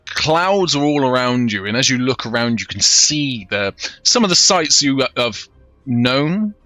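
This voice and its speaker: A young man running a tabletop game, narrating scenes in a relaxed, descriptive way full of ums and uhs. His voice is bright and clear. The room is dry, and faint music plays underneath. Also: mid-range voice, unhurried, no room sound. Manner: descriptive, relaxed, with many fillers. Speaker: game master.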